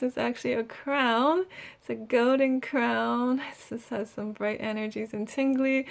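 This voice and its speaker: Soft-spoken woman leading a guided healing. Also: a little high. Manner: soft, breathy and giggly, often trailing off. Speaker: energy healer.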